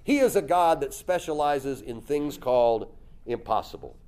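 Man preaching a lively storytelling sermon. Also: medium pitch, normal speed, smooth. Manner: lively storytelling, acts out voices with loud jumps; chuckles often.

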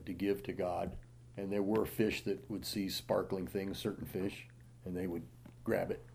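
A middle-aged man preaching a sermon, reading scripture aloud and explaining it in plain talk. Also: gravelly. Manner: rises loud and high reading scripture, drops quiet and low explaining.

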